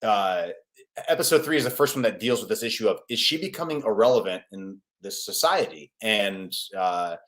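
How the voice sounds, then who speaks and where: A man from Chicago, a guest in a casual interview who talks in quick, halting bursts with many fillers. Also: lowish voice, expressive, fairly bright tone. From North Side of Chicago. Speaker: guest, actor and writer.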